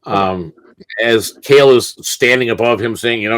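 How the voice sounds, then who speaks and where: A man narrating as game master of a tabletop game, talking haltingly with many fillers and restarts. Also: on the low side, smooth, no room sound, poor audio.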